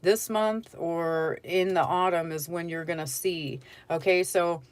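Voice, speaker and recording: A woman's voice: on the low side, steady tone, measured pace, no room sound. A woman giving a casual tarot reading, talking straight to the viewer and often checking in with "okay?". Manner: chatty, keeps checking in with "okay?"; direct advice to the viewer. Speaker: tarot reader.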